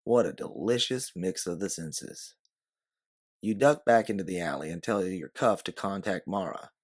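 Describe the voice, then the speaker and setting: Audiobook narrator: man, lower voice, even storytelling. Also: moderate pace. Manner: steady, descriptive storyteller. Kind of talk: second-person audiobook narration.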